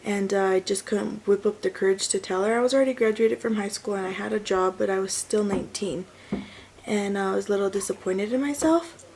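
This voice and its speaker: A woman's voice: mid-range voice, brisk, a little mellow, slight background noise, low-quality recording. A woman in her thirties, a mother and vlogger, casually telling a personal story and correcting herself as she goes. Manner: chatty, self-correcting, rambling with fillers.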